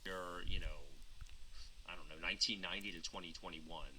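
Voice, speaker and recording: A man speaking calmly and earnestly as a dog trainer in a clip. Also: low-pitched, a little fast, slightly rough, no echo, poor audio. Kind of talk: calm spoken commentary.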